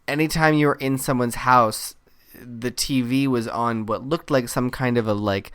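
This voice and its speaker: Male co-host, smooth clear voice, dry close sound, casual storytelling. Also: medium pitch, normal speed, dry recording. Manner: storytelling, animated retelling. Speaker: podcast co-host. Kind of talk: casual chat, film review.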